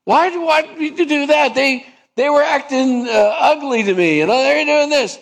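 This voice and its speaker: A man's voice: very high voice, moderate pace, gravelly, big-room sound, voice pushed up. A man doing a whiny, indignant grown man. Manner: whiny, defensive protest.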